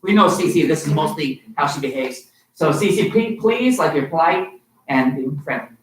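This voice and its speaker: A man's voice: fairly high pitch, normal speed, slight background noise. A man teaching a live-streamed children's martial arts class, upbeat and coaxing, praising the kids. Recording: roomy sound from far off.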